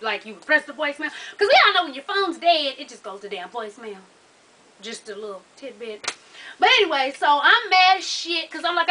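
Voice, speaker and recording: Animated, foul-mouthed woman telling a story. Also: high voice, recorded from a distance, poor audio. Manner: animated, profane, with vivid re-enacted dialogue. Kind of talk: casual storytelling.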